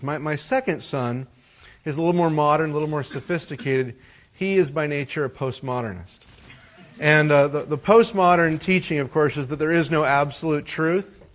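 A middle-aged man preaching a sermon, reading scripture, praying softly, then telling lively stories about his children. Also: medium pitch. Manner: swings from loud animated storytelling to hushed prayer. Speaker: pastor.

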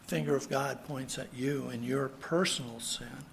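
A man's voice: medium pitch, level tone, moderate pace, gravelly, few pauses, slight background noise. A man preaching a sermon in an earnest way, repeating his key phrases for emphasis. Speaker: pastor.

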